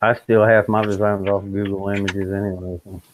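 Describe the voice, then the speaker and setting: A man on a casual livestream chat, tossing in quick joking asides. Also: lowish voice, little pitch movement, phone-quality sound.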